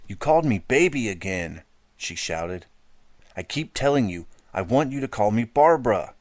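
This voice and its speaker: A man's voice: medium pitch, lively intonation, takes it slowly, darkish tone, no echo, voice pushed up. A man voicing a whiny, tantrum-prone little girl in an audiobook. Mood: shouting.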